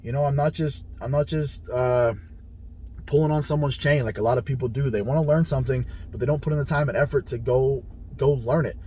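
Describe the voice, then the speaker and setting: A man's voice: medium pitch, a little fast, darkish tone, a little hiss or hum. A man casually telling a story about his training, blunt and heavily profane, acting out the conversations he had. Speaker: powerlifter sharing his experience.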